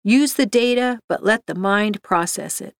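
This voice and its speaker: A woman's voice: mid-range voice, a little slow, smooth, no room sound. Woman narrator reading a story, dry close sound. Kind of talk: reading a short story aloud.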